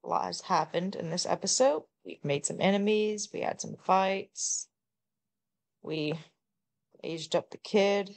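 A woman giving casual, joking gameplay commentary, blunt and quick to swear. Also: mid-range voice, creaky, a little mellow. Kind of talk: casual let's-play commentary.

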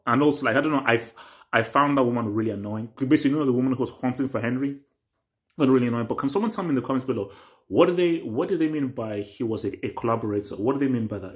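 Hosting a casual TV reaction video, this young man rambles and circles back to the same points. His energy swings from excited bursts down to low mutters.

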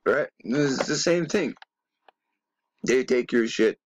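Slow, emphatic man in a dry room. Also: mid-range voice, no room sound. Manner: emphatic, profane, full of rhetorical questions. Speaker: video commentator. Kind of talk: rambling monologue.

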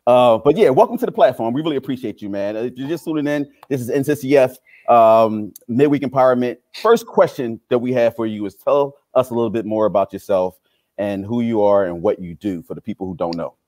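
Male stand-in host of a church podcast, upbeat, respectful, medium pitch, dry sound. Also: brisk, a little mellow, dry recording. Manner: upbeat, respectful, frequent "yes, sir". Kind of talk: casual church podcast interview.

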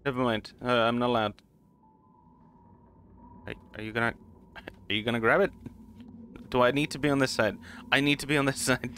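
Man, let's play commentary, rambling, self-mocking, crisp bright tone. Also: mid-range voice, little pitch movement, fairly quick, long pauses, slight background noise. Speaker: gaming channel host.

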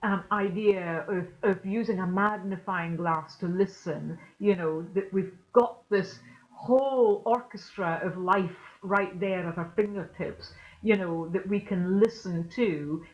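A woman musician answering questions in an online talk, explaining her ideas in a reflective, gently emphatic way. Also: mid-range voice, muffled recording. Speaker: guest percussionist. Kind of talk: online lecture Q&A.

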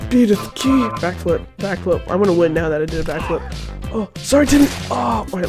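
A man commentating a video game while sick, his voice a little raspy, blurting excited, slangy reactions. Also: high-pitched, fairly quick, loud music behind the voice. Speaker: gaming commentator.

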